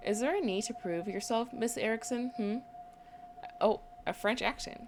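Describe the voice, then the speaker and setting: A woman playing a story game, reading its dialogue aloud and adding quick comments of her own. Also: fairly high pitch, noisy background. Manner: reads dialogue aloud between quick asides. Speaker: game streamer.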